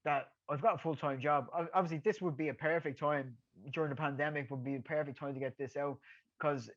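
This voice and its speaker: A man's voice: a little high, steady tone, a little fast, a bit bright, dull audio. A middle-aged Irish man, a guest telling stories in a rambling way, repeating words and laughing at his own tales. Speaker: guest, former boxer. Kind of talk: casual storytelling.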